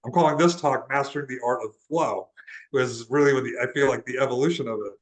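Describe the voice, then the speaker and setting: Speaking fast in a mid-range voice, a young man from Laredo, Texas, USA, shares a personal story as an interview guest and transformational guide. He is earnest and casual, restarting often and repeating words, on a low-quality recording.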